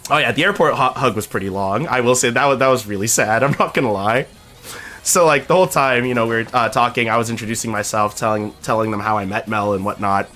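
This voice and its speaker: A man streamer telling a story in casual chat, animated and laughing often, with lots of "like" and "right?". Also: medium pitch, quick pace.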